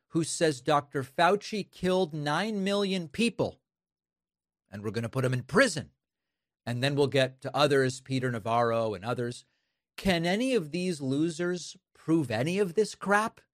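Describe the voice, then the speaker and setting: A man hosting political commentary, scornful and sarcastic, with quick throwaway asides between clips. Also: fairly high pitch, lively intonation, no echo, clean studio sound. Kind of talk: opinionated commentary.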